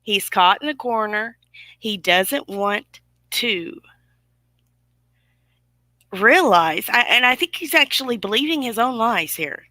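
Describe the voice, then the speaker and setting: This YouTube host sounds a little high and animated, speaking slowly with long pauses in a bright, forceful tone. Her casual livestream rant is indignant and sarcastic, captured on a dry recording.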